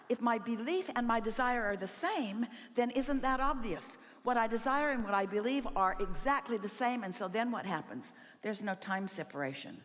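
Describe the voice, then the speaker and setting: Woman speaker in a reverberant hall. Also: medium pitch. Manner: speaks as a collective "we", emphatic and rhetorical. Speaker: seminar speaker. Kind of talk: inspirational talk to an audience. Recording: hall reverb, live event.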